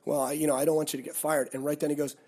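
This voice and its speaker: Man, touring musician, casual interview, storytelling, acts out quoted people, lively. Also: a little high, very fast. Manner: animated, acts out quoted people in his stories.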